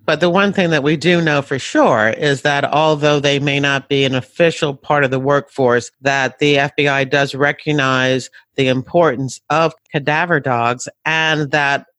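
A man's voice: fairly high pitch, fairly even intonation, a little slow, hardly any pauses, a bit bright, dry recording. A man hosting a podcast, asking long, chatty questions and repeating words as he builds them. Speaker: podcast host. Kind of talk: interview questions.

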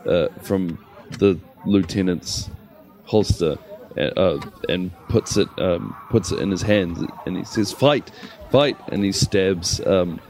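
Deep-voiced man playing a tabletop game. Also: fairly even intonation, darkish tone. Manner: halting, with "like" and "um" fillers. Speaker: player. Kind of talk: tabletop role-play.

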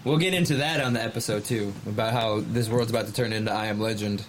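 A man's voice: lowish voice, fast, slight background noise. A man hosting a casual podcast, joking around and repeating himself for emphasis. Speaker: podcast host.

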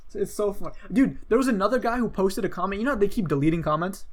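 A young man on a podcast telling a story in casual chat, animated and swearing freely as he acts out what others said. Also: high voice, fast talker. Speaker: podcast co-host.

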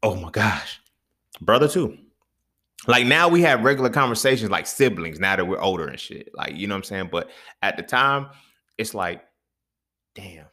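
Animated, profane young man telling stories. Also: normal speed, long pauses. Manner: animated, profane slang, swings from low mutters to loud bursts. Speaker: podcast host. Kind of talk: casual storytelling monologue.

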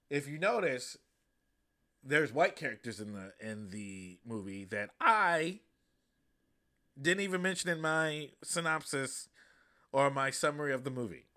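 Man, podcast host, casual comedic review, profane, animated, bright tone. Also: a little high. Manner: loose, profane and animated, acting out quoted lines.

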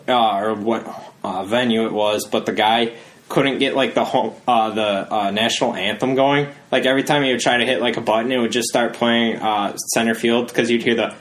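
A man's voice: on the low side, a bit bright. A young man hosting a podcast, chatting casually, rambling with lots of fillers and acting out quotes. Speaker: podcast host. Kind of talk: casual chat.

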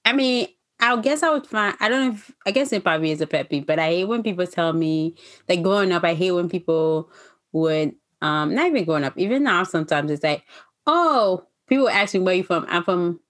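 A woman's voice: on the low side, lively intonation, fairly quick. A Haitian woman co-hosting a casual chat, talking loosely with many fillers and restarts. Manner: chatty, full of fillers.

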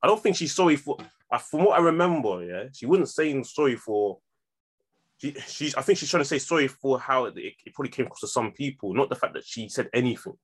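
Fast-talking young man. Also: mid-range voice, animated, husky. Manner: slangy, quick banter. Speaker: podcast co-host. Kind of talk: casual chat.

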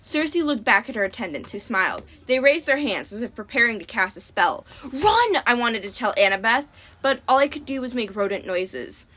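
A woman narrating an audiobook in a lively, bright voice. Her pitch sits a little high and moves a lot, giving the reading plenty of swing. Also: fairly quick. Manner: expressive. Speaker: audiobook reader.

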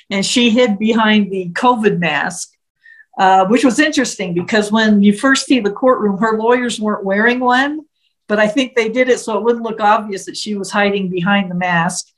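A woman's voice: mid-range voice, normal speed, rough recording. A woman casually telling a story, retelling events vividly and briefly slipping into the voices of the people she quotes. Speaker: storyteller recounting a case.

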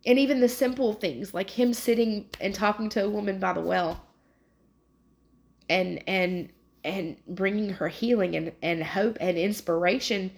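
A woman reads scripture and leads a devotional prayer talk, earnest and openly emotional, often restarting her sentences. Her voice sits in a middle register with a noticeable gravelly fry. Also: mid-range voice, a little slow, darkish tone. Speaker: prayer leader.

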